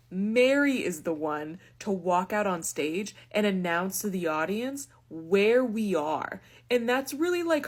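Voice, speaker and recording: A young woman reviewing films in a casual, animated rant, sarcastic and exasperated, with sudden loud outbursts. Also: mid-range voice. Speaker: book and film reviewer. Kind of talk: casual ranting review monologue.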